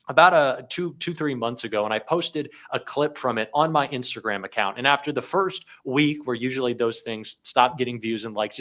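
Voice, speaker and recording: A man in his twenties, a guest and fellow online show host, giving fast, eager political commentary and often repeating words. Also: medium pitch, fairly bright tone. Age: 20s.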